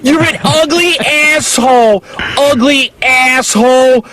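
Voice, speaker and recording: A man's voice: very high voice, takes it slowly, noisy background. A man voicing a combative, foul-mouthed man with a heavy stutter who keeps getting stuck on words. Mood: ranting. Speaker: caller doing an impression.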